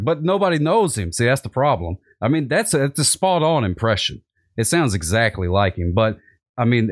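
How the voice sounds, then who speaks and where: A man's voice: medium pitch, no room sound, studio quality. A man chatting in a rambling comedic style, full of fillers. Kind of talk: comedic casual chat.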